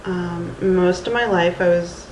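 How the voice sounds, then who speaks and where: A woman's voice: on the low side, steady tone, a little slow, a little mellow, slight background noise. A woman in her thirties from Houston, rambling casually in a storytime vlog with Valley Girl-like speech, lots of ums and restarts, into her camera's mic. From Houston, Texas. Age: 30s. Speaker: vlogger. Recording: roomy with faint ambience.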